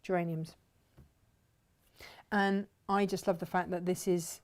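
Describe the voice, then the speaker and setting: A woman's voice: mid-range voice, unhurried, long pauses, a little mellow. A woman hosting a fabric workshop, talking in a chatty, enthusiastic, rambling way. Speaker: fabric shop host. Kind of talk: casual workshop chat.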